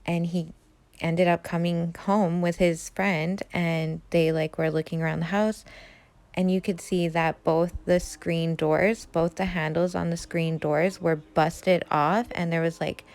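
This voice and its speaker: Brief: Canadian woman, low voice with fry, hushed and chatty storytelling. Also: flat delivery, a little slow. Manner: chatty, fills with "like", quiet and hushed. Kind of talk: casual first-person true story.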